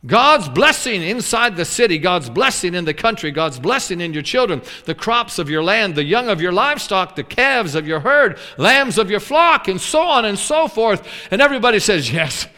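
An animated male preacher with a high, lively voice that swoops up and down. His tone is bright and forceful, and it rings out with a long reverb in a large hall. He acts out complaining voices as he preaches. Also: normal speed, hardly any pauses. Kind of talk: sermon.

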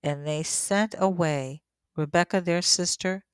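A woman reading scripture aloud at a steady pace and breaking in now and then with emotional asides of her own. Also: fairly low pitch, a little slow, clean tone, no echo. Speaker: scripture teacher.

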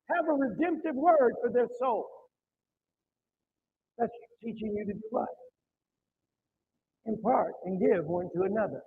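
A man's voice: very high-pitched, unhurried, pauses often, slight background noise. A male pastor preaching a sermon in church, emphatic and calling on the congregation to answer back, in a dull, muffled recording.

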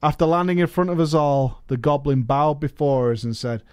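A man's voice: a little high, steady tone, normal speed, a little mellow, smooth, no room sound, clean studio sound. A man narrating a comedic story in a playful way, chuckling at his own telling.

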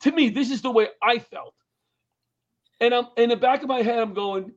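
A man's voice: extremely high pitch, normal speed, lo-fi sound. A middle-aged man, a comedian and former firefighter telling stories in a casual interview, acting out quotes in a raised voice. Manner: animated storyteller, acts out quotes in raised voice. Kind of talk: storytelling in casual interview chat.

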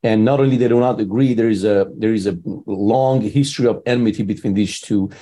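A male host calmly steps in to explain background to viewers, with some fillers. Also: fairly low pitch, fairly quick.

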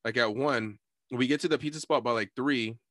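A man telling a rowdy night-out story in casual chat, swearing and quoting people in sudden high voices, laughing often. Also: a little fast, dry recording, studio quality. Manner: animated storytelling, swearing, quoting people with big pitch jumps.

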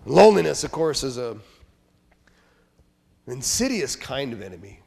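A man preaching a sermon as pastor, talking conversationally and joking, then dropping into quiet asides. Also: medium pitch, big pitch swings, a little slow. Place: church sanctuary. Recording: long church hall reverb.

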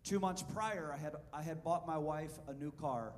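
Animated preacher man in an echoing hall. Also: fairly high pitch, normal speed, a little hiss or hum. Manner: animated, asks the congregation questions. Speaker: pastor. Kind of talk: sermon with storytelling. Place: church sanctuary.

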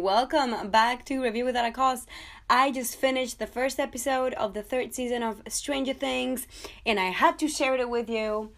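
Young woman, solo podcast host, casual and excitable, slightly high voice, chatty with ums.

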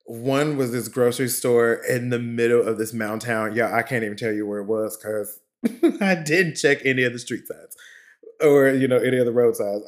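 A man of average pitch tells a story to his podcast listeners in a loose, chatty way. He laughs easily and calls them honey and child. His voice jumps up with excitement, then drops low and quiet when he gets reflective. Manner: swings from lively bursts to low, quiet reflection. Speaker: podcast host. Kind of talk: casual storytelling.

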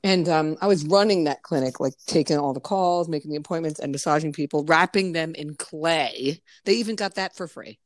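A woman's voice: low voice, fairly quick, hardly any pauses, dry recording, clean studio sound. A middle-aged American woman chatting casually on a podcast, telling stories with frequent laughs and offhand swearing. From United States. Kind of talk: casual chat, telling anecdotes.

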